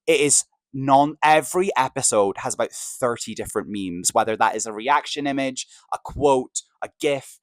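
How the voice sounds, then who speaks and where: A man's voice: medium pitch, normal speed, no room sound, low-quality recording. A man hosting a podcast, gushing in an enthusiastic, chatty way with plenty of fillers. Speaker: podcast host. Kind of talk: casual opinion chat.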